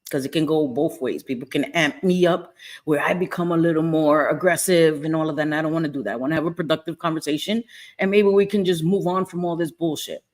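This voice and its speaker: A woman with an American accent hosting a casual livestream, answering chat messages, laughing often and swearing casually. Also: low voice. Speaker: livestream host.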